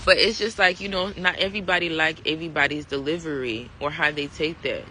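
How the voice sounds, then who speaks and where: A woman vlogger thinking out loud in a casual, reflective monologue, leaning on fillers and "right?" to check in with her listener. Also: low-pitched, a little fast, a little hiss or hum, poor audio. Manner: conversational, full of fillers and "right?" check-ins.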